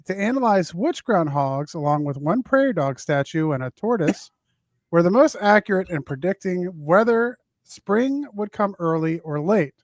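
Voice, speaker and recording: Halting Southern man reading news. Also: sits high, lively intonation, no room sound, clean studio sound. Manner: halting, many filler sounds and restarts while reading. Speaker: podcast host. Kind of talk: casual chat reading news stories.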